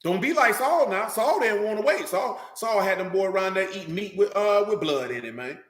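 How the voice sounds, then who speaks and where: A man preaching with raw intensity, firing off street slang and challenges at his listeners. His voice sits fairly high and rings around an echoey room. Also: lively intonation, brisk. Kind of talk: fiery street-talk sermon.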